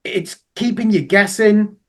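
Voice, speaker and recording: A man's voice: high-pitched, unhurried, fairly bright tone. A man chatting as co-host of a music review show, rambling and self-deprecating. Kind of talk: casual music review chat.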